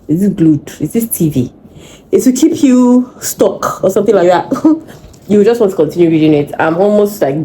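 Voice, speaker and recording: A young woman with a Nigerian accent, chatting casually on her vlog and telling a story in an animated, venting way. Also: mid-range voice, slight background noise. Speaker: vlogger. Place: home in Lagos.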